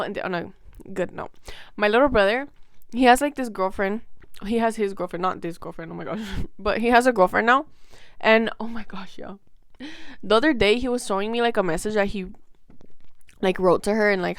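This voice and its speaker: A woman's voice: mid-range voice, clean tone, dry recording, clean studio sound. Rambling young woman telling a storytime. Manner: rambling, lots of "like" and restarts, emotional. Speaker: vlogger. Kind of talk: casual storytime chat.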